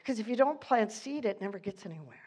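A woman pastor preaching with fervent, emphatic delivery, laughing often and reading scripture slowly. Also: medium pitch, animated, a little mellow. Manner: reads scripture slowly and deliberately. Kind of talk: sermon.

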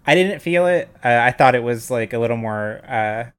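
A man with a mid-pitched voice co-hosts a casual movie podcast. He talks loosely and rambles, padding his sentences with lots of fillers. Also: moderate pace, clean tone. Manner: relaxed, rambling with many fillers like "like". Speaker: podcast co-host.

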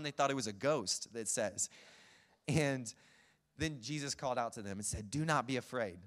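A man preaching a sermon, retelling scenes in a lively, chuckling way. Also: mid-range voice, a little fast. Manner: lively storytelling, acts out scenes, chuckles often.

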